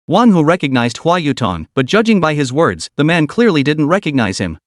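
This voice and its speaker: Expressive male storyteller. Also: a little high, brisk, few pauses, no echo, clean studio sound. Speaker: narrator. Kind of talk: scripted comic-story narration.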